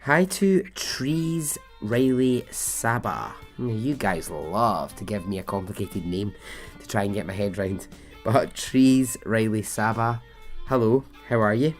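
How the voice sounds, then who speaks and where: Slow-talking male podcast host. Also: lowish voice, soft background music. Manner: chatty, laughs easily, warmly informal asides. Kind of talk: casual podcast narration.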